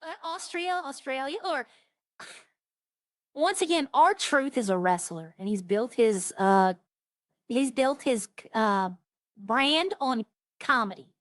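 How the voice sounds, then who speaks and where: A woman's voice: on the high side, expressive, takes it slowly, pauses often, no room sound. A woman chatting casually on a roleplay stream, rambling through funny stories and imitating the people she quotes.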